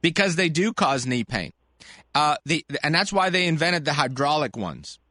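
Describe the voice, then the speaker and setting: A man hosts a call-in sports medicine radio show in an animated, chatty way. His voice is bright and a little high. It sits close and dry on the studio mic. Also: moderate pace, no room sound. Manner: animated, chatty, laughs easily.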